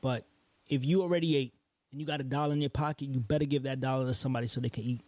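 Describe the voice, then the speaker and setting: A man's voice: medium pitch, steady tone, rapid-fire, a little mellow, no room sound. A man hosting a casual podcast, talking straight to listeners in an earnest, encouraging way and often checking in with "right?". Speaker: podcast host.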